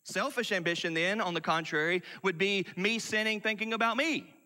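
A man preaching a sermon, emphatic, dropping from loud declarations to hushed asides. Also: high voice, moderate pace, long reverb tail. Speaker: pastor.

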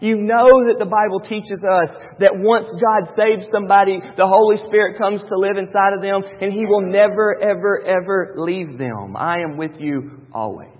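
A man's voice: sits high, normal speed, few pauses, husky. A man, preaching a sermon as pastor with emphatic repetition and homely asides. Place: church sanctuary. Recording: dull reverberant hall.

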